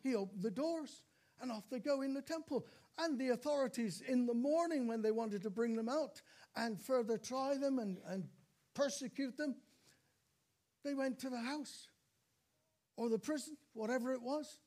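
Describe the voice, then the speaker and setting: An older man preaching with a high, ringing voice. He tells the story with dramatic repeats and breaks into calls of praise as he goes. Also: normal speed, a little mellow. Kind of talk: sermon.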